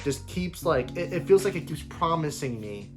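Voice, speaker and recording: A man giving a casual opinion rant about an anime, animated and swearing freely, with playful mimicked voices. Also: a little high, moderate pace, faint music behind. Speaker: anime commentary vlogger.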